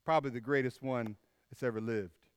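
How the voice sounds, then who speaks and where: A man preaching a sermon, emphatic and repeating his key phrases, dropping to a hush on the final words. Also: medium pitch, steady tone, brisk, clean tone, no echo, studio quality.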